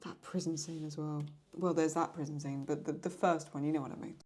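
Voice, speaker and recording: A young woman chatting excitedly and mocking herself while she reacts to videos as host of her channel. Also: deep voice, brisk, slight background noise. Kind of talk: casual reaction commentary.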